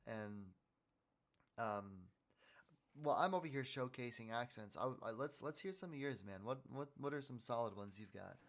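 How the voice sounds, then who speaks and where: Guy hosting a chill interview podcast, upbeat and encouraging, mid-pitched voice. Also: animated, normal speed, creaky. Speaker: podcast host. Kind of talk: casual interview chat.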